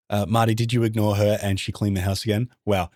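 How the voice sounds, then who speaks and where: An Australian man from Brisbane, a variety streamer and game developer, chatting casually with his viewers and greeting them by name. He often keeps his voice hushed so the game won't hear him. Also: fairly low pitch, flat delivery, normal speed, no room sound, clean studio sound. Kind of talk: casual livestream chat with viewers.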